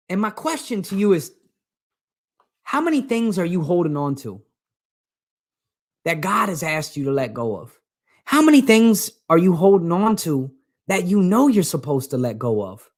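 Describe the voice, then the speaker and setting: A man's voice: sits high, animated, normal speed. A man giving an earnest, emphatic motivational talk to viewers of a live stream. He leans on repetition and speaks directly to his audience. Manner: earnest and emphatic, repeats phrases. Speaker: motivational coach.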